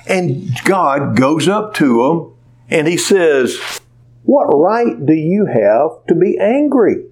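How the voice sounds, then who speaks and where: Slow-talking male preacher. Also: a little high. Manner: slow, conversational preaching with frequent asides. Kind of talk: sermon.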